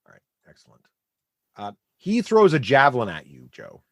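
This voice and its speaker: A man narrating as game master of a tabletop game, animated and laughing, adding sound effects. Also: mid-range voice, normal speed, no echo, clean studio sound.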